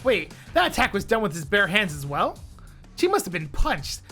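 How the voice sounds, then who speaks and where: A woman reads a visual novel aloud on her stream, her bright voice leaping all over the scale. She keeps slipping into playful asides and jokes between passages. Soft music runs faintly underneath. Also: medium pitch, moderate pace. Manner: animated, breaks off with laughs and asides. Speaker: streamer and narrator.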